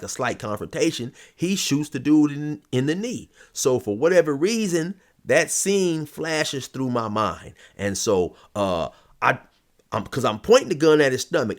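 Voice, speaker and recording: A man telling a story in a casual, rambling, profane way, full of "you know" and "or whatever". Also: fairly high pitch.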